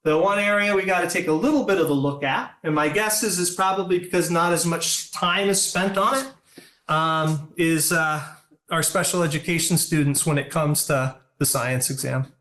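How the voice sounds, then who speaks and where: A man giving a superintendent's report at a school board meeting, talking quickly with frequent ums. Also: fairly high pitch, pushed and bright. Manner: fast, conversational, many ums. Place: meeting room. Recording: echoey room audio from a distance.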